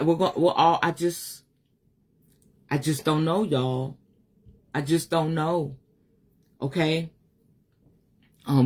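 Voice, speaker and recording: A woman's voice: deep voice, a little mellow. A woman, talking heartfelt and unscripted on a livestream, weary at times, laughing at others, swearing freely. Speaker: spiritual life coach on a live stream. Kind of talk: emotional casual livestream monologue.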